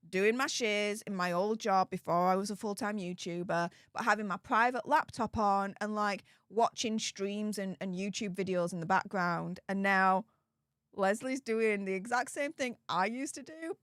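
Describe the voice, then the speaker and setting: A livestream host with a smooth, mid-range voice speaks at a moderate pace in a clean studio recording with no room sound. She chats casually, reads out viewer comments, laughs frequently and tends to say things twice.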